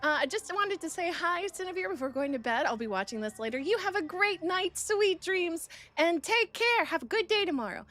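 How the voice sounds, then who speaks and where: Bubbly high-voiced woman greeting chat. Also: expressive, fairly quick, hardly any pauses, sharp tone. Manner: bubbly, greets chat by name with pet names; chews food while talking. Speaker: streamer. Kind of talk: casual live-stream chat. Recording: faint music behind.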